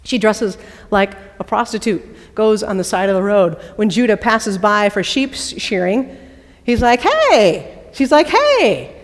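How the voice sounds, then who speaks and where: A woman's voice: medium pitch, a little slow. A woman preacher giving a sermon, telling the story with playful asides and quizzing her listeners. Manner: lively storytelling, playful asides and questions to the audience. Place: large worship hall. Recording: long hall reverb.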